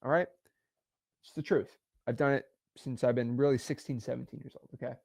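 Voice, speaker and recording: A man in his twenties, a real estate wholesaling educator, talking emphatically and repeating himself as he pitches directly to the camera. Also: fairly even intonation, vocal fry, darkish tone. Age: 20s. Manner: emphatic, repetitive, fast-talking, self-assured.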